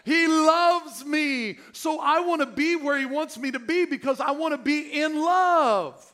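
A middle-aged man pastor preaching a sermon in an animated, joking way. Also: very high-pitched, measured pace.

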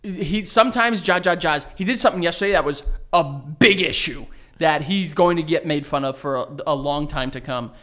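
Crude, animated young New man. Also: fairly high pitch, moderate pace. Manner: crude, animated storytelling with laughs. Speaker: podcast co-host. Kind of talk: casual comedic chat.

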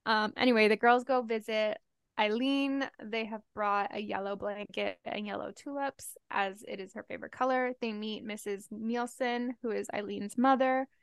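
A woman's voice: medium pitch, fairly even intonation, moderate pace, clean tone, dry recording, clean studio sound. A young woman co-hosting a book podcast in casual chat, laughing often and swearing freely as she recaps chapters. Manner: chatty, swears and laughs easily.

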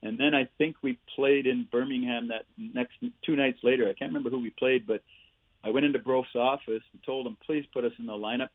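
A man in his sixties, a former player and coach, telling animated stories with laughs and "eh" tags as a podcast guest. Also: medium pitch. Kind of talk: storytelling interview. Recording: tinny phone-like line.

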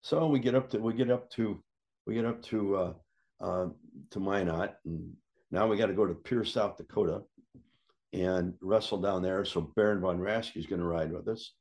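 A man tells a casual anecdote at a moderate pace. He's animated, and his pitch leaps sharply whenever he acts out what other people said.

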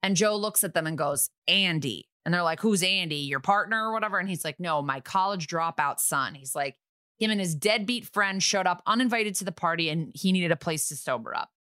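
A woman co-hosting a podcast, recapping a TV episode in casual chat with sarcastic, quick asides. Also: on the low side, expressive, bright, forceful tone, no room sound, studio quality.

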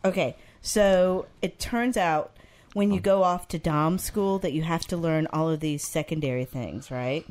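A woman's voice: deep voice, a little mellow. A woman in casual podcast banter, teasing and laughing often. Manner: slow, teasing, laughs a lot. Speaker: podcast co-host. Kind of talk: casual chat.

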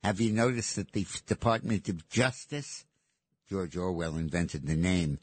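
A man's voice: deep voice, fairly even intonation, moderate pace, breathy edge, no echo. A man hosting political talk radio, speaking in an emphatic, sardonic way. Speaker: radio talk show host.

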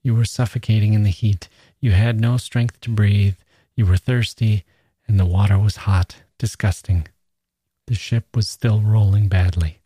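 A man hosting a podcast, reading a classic short story aloud in a measured storytelling manner. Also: fairly low pitch, fairly even intonation, dark tone, husky, dry recording. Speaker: podcast host and reader. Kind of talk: scripted literary reading.

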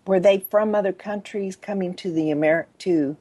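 A woman's voice: medium pitch, moderate pace, mellow, no room sound. A woman from Texas with a Texan accent who drawls her words as she asks an interview guest questions.

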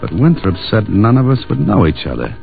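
A man's voice: on the low side, wildly swooping pitch, fairly quick, creaky, soft background music, heavily acted. An actor playing a dry, wisecracking tough guy in a 1940s radio drama. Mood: wry. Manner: dry, wisecracking, hard-boiled. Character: wisecracking tough male adventurer. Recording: tinny 1940s radio broadcast.

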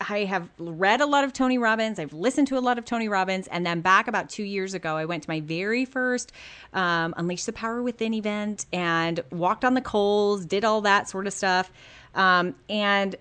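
A woman's voice: medium pitch, normal speed, a bit bright, clear, resonant tone. A woman hosting a podcast, chatting earnestly about a moving personal experience. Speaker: podcast host. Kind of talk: casual interview chat.

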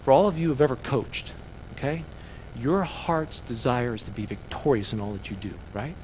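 Man, pastor, sermon, mid-pitched voice, lively shifts in energy, faint background noise. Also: normal speed. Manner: preaching with rising excitement and quieter reflective asides.

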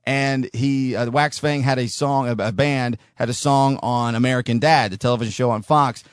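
A man's voice: mid-range voice, steady tone, moderate pace, smooth, dry recording, clean studio sound. A man hosting and producing his own talk podcast, rambling casually with a sardonic edge. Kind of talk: solo talk show monologue.

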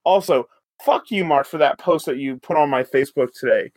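High-voiced man ranting in mock outrage. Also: a little fast, very noisy. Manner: animated, exaggerated ranting, laughing while talking. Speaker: podcast co-host. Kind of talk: casual chat.

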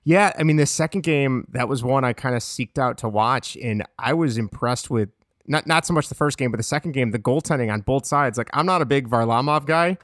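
A man's voice: medium pitch, brisk, a bit bright, no room sound, studio quality. A young man co-hosting a casual hockey podcast, rambling with many restarts. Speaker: podcast co-host.

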